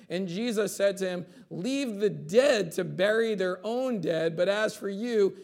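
Male pastor, high-pitched gravelly voice, chatty sermon delivery with frequent asides. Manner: conversational preaching, acts out quotes with asides like "okay?".

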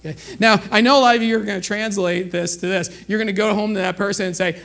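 A man with a fairly high voice preaches a sermon to his congregation. He talks in a relaxed, conversational way, acts out short exchanges between characters, and keeps asking his listeners "okay?". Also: fast, creaky, hardly any pauses.

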